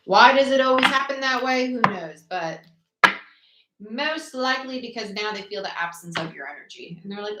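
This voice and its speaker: A woman giving a live tarot reading in a chatty, quick way, listing the cards aloud as she goes. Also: medium pitch, lively intonation, bright, forceful tone. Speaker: tarot reader. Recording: echoey room with faint noise.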